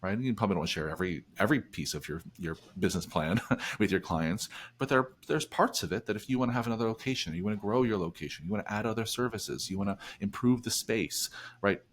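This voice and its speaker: A man's voice: lowish voice, lively intonation, fast, a little hiss or hum. A man from New Jersey hosting a business podcast, chatty and upbeat, often restarting phrases as he talks. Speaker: podcast host. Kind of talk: casual podcast conversation.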